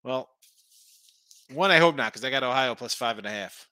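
A man's voice: mid-range voice, lively intonation, moderate pace, bright, forceful tone, clean tone, no echo. A middle-aged man hosting a sports betting show, rambling through picks and opinions with frequent restarts. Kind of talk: casual sports betting talk.

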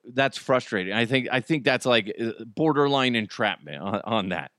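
A man's voice: mid-range voice, lively intonation, normal speed, fairly bright tone, dry recording, studio quality. Wry, rambling man hosting a podcast. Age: adult with children. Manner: chatty, wry, rambling, frequent restarts and asides. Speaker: podcast host. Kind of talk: casual comedic commentary on news.

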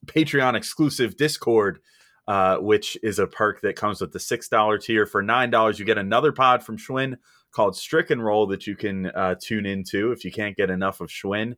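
A man's voice: on the low side, fairly bright tone, no echo, studio quality. A man hosting a casual podcast, rambling and joking, laughing easily as he moves between topics. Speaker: podcast host.

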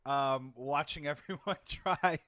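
A man's voice: a little high, takes it slowly, fairly bright tone, no room sound, clean studio sound. A man hosting a casual movie podcast, upbeat and often laughing, stretching words out for emphasis. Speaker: podcast host.

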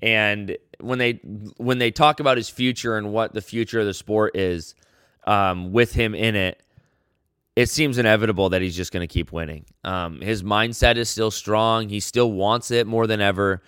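A man's voice: lowish voice, fairly even intonation, normal speed, fairly bright tone, clear, resonant tone, no echo, clean studio sound. A man hosting a solo sports podcast, talking in a loose conversational way with frequent restarts. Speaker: podcast host.

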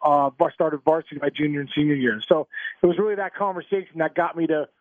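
High-voiced man on a tinny phone line. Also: fast, dry recording. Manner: animated, restarts and stammers, laughs through stories. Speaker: guest, former pro ballplayer. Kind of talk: casual storytelling interview.

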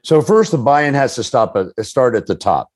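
A middle-aged man talks as a guest on a podcast, explaining leadership through anecdotes. His pitch swings widely as he acts out quoted people, with a lively storyteller's manner. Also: normal speed. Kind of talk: podcast interview answers.

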